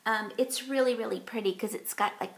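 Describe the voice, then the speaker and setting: A woman's voice: fairly high pitch, fairly quick, a bit bright. A woman beauty vlogger talking casually through a makeup tutorial, chatty and giggly with plenty of fillers.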